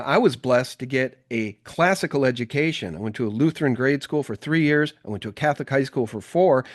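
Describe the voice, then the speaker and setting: A man's voice: medium pitch, no room sound, studio quality. A man hosting an interview podcast, talking in an emphatic, indignant way. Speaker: podcast host. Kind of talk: conversational interview.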